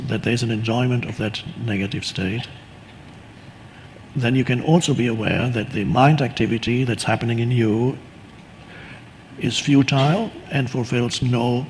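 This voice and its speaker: A man giving a calm, unhurried spiritual teaching talk, reflective and often restarting his sentences. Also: mid-range voice, a little hiss or hum, rough recording.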